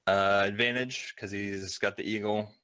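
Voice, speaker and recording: A man's voice: on the low side, steady tone, sharp tone, clean tone, no room sound. A man running a tabletop game as game master, narrating with many ums and uhs. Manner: halting, filled with ums and uhs.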